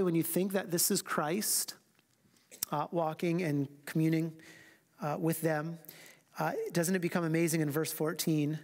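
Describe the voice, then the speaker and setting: A man with a high voice teaches a church Bible class. He reads scripture slowly and with weight, then drops into quick, casual asides. His voice rings with the long reverb of a church hall. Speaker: pastor.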